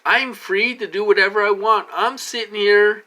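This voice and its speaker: A man rambling in a repetitive monologue to camera, full of restarts, slightly tipsy from a drink, swinging from loud outbursts to low muttering. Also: steady tone, moderate pace. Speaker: vlogger.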